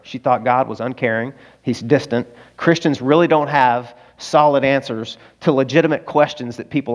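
An Arkansan male pastor preaching a sermon in an earnest, confessional storytelling voice. His pitch sits in the middle, and he swings between quiet admissions and loud, emphatic peaks.

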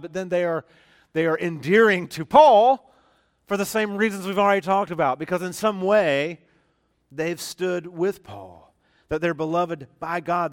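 A man preaching from the pulpit with a smooth, resonant voice that sits a little higher than most men's. He talks to the congregation in a conversational way and stops to restart and repeat phrases. He leans hard on the key words to drive them home. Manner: earnest and emphatic, stressing key words. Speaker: pastor. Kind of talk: sermon.

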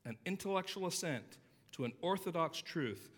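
A man preaching a sermon as pastor, earnestly stressing key words and dropping his voice low to tell stories. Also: expressive, normal speed, big-room sound. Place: church sanctuary.

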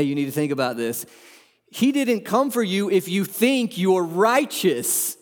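A man preaching a sermon as a pastor, earnest and emphatic, asking the room rhetorical questions. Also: sits high. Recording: long hall reverb.

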